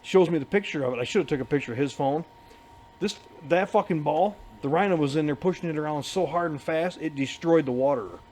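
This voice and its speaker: A man's voice: fairly high pitch, fast, a little mellow, slight background noise. Laughing, rambling man telling a story. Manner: rambling, profane, laughs through his story. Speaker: podcast co-host. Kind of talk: casual storytelling chat. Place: bar.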